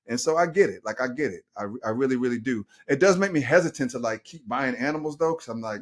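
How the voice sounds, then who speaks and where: A middle-aged man hosting a casual podcast as a life coach, talking in an animated, slangy way and addressing listeners as y'all. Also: medium pitch, a little fast.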